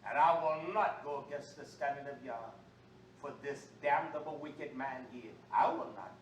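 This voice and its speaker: Preacher, male, high voice, fiery call-and-response sermon, recorded far off in an echoey room with faint noise. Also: normal speed. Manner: preaching with call-and-response, swinging from low talk to shouting.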